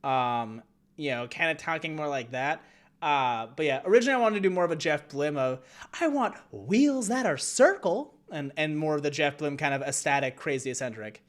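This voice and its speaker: A man's voice: fairly high pitch, fairly quick, fairly bright tone. A man streaming a game, musing casually in a rambling way full of fillers. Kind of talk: casual chat.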